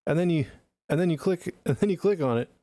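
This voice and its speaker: A man's voice: a little high, expressive, quick pace, mellow, no room sound. A man streaming music feedback from a home studio closet, talking in a laid-back, rambling and profane way. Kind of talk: casual live-stream chat.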